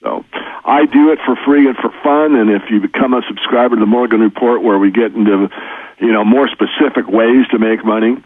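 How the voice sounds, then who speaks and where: A precious metals educator, interviewed as a guest, explains things casually and earnestly in a folksy style, repeating his practical advice. His mid-range voice is slightly rough and fairly quick, heard through a tinny phone line with no room sound.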